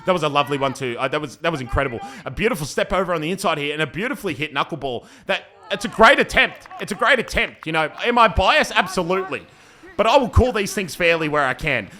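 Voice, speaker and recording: A young man giving playful, joking commentary over his own amateur football match, breaking into excited shouts. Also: on the high side, quick pace. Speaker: football commentator and team player.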